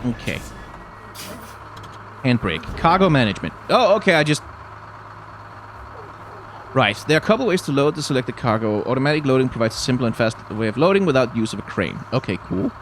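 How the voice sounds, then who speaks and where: A man with a mild Danish accent chats casually through a driving game. He thinks aloud in a rambling way and sometimes reads the on-screen instructions. His pitch sits in an ordinary middle range, with a faint hiss behind his voice. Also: sing-song, brisk, pauses often. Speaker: YouTuber playing a driving game. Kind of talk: casual gameplay commentary.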